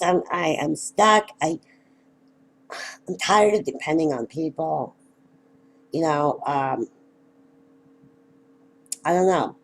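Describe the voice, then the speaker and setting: A woman venting in a halting, hesitant, bitter and self-mocking personal rant, recorded at home in her apartment. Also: sits low, slight background noise, rough recording.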